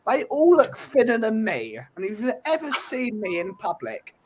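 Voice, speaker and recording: A man's voice: sits high, huge pitch swings, moderate pace, background noise. A man, co-hosting a casual podcast chat, ranting with swearing and comic exaggeration. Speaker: podcast co-host.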